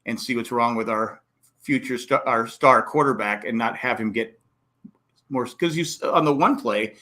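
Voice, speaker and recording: This is a male podcast host on a casual sports show, speaking quickly in a mid-range voice. He's animated, acting out the reactions of coaches and fans with plenty of exclamations.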